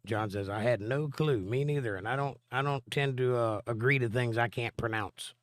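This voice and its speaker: A man's voice: medium pitch, moderate pace, dry recording, clean studio sound. A man with laryngitis hosting a live stream, reading viewer comments aloud and answering them with long Bible explanations. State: hoarse from laryngitis. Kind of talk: casual live-stream chat and Bible teaching.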